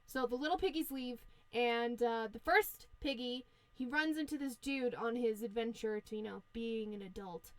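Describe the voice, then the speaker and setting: A woman's voice: on the high side, moderate pace, no echo. A woman podcast host casually retelling a fairy tale in a profane, slangy, playful way. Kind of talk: casual storytelling chat.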